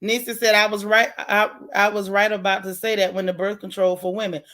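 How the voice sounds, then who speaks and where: A woman's voice: medium pitch, little pitch movement, a little fast, pushed and bright. A woman hosting a casual livestream, chatting with viewers by name and joking about the news in slang. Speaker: livestream host.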